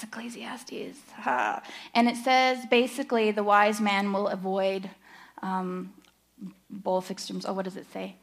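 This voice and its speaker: A middle-aged woman giving a candid, story-driven church teaching, self-deprecating and chatty. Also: mid-range voice. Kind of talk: personal sermon-style teaching.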